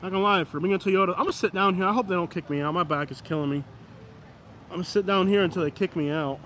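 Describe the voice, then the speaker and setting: A man's voice: high voice, fast talker, a bit bright, a little hiss or hum. A man, chatting casually and rambling to his viewers on a live stream from a downtown street at night, filmed on a camera stand.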